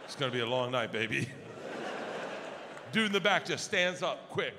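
A man doing crude, animated stand-up storytelling on a theater stage into a handheld mic, with an audience present. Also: mid-range voice, normal speed, heavy background noise. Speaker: stand-up comedian. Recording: live theater hall with audience.

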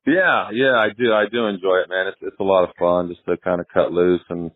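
A former pitcher as a guest, telling stories in a rambling, casual way, often repeating himself and laughing. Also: male voice, fairly quick. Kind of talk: casual storytelling interview. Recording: tinny phone line.

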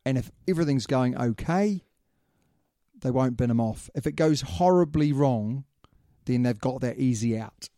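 Fast-talking New man, mellow and dry. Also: mid-range voice, animated, dry recording. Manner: fast, talkative, laughs often. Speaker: podcast co-host. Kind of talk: casual sports chat.

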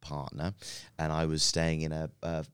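A man with a very low voice tells a story as a podcast guest, pausing often with ums and uhs. His tone is smooth and resonant, close and dry on the mic in a studio. The delivery is loose and unscripted. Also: monotone, a bit bright, no room sound. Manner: rambling, hesitant with many fillers. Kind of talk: casual storytelling chat.

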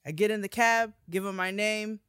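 A woman telling a story in casual chat, animated and profane, acting out heated quotes. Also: medium pitch, normal speed, smooth, dry recording, clean studio sound. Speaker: podcast host telling a story.

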